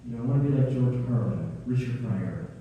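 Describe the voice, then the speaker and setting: A man's voice: mid-range voice, a little fast, muffled recording. A young man performing a stand-up comedy set on a club stage, with a dry, self-deprecating delivery full of fillers. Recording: roomy club sound, heard from a distance.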